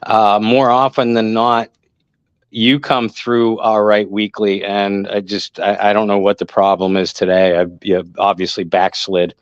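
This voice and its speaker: A man co-hosting a sports chat over a phone speaker, speaking haltingly and repeating words as he starts. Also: fairly low pitch, flat delivery, clean tone. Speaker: podcast co-host. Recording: dull phone-speaker audio.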